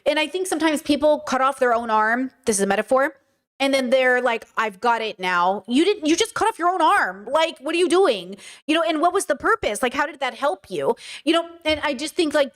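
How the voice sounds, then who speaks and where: A woman's voice: high voice, a little fast. A woman doing casual livestream commentary, reacting to a clip and pressing her chat with emphatic rhetorical questions. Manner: casual, addresses viewers as girlies. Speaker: streamer reacting to videos.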